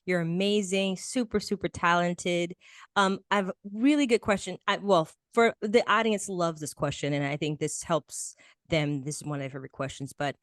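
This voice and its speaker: A woman's voice: fairly low pitch, fairly even intonation, moderate pace, dry recording, studio quality. A woman hosting a podcast interview, effusive and full of restarts and repeated praise. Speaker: podcast host interviewing a guest. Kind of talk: casual interview chat.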